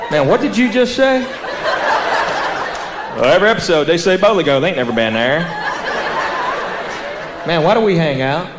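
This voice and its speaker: High-voiced Southern man doing stand-up. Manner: animated storytelling, drawn-out vowels, acts out characters. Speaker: stand-up comedian. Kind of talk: stand-up comedy. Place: live comedy venue with audience. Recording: roomy hall with audience noise. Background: crowd laughter.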